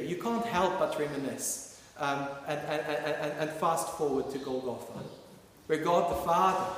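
Male preacher, slightly high voice, emphatic and repetitive, booming hall reverb. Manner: emphatic, repeats phrases, many restarts. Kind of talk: sermon. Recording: echoey hall with faint noise.

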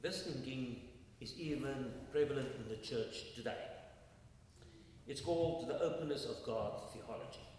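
A man preaching a sermon, emphatic and fond of rhetorical questions put to his congregation. His voice sits at an everyday pitch and comes from some way off the mic. A long, booming hall reverb and a faint hiss of room noise surround him. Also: measured pace, darkish tone, distant mic.

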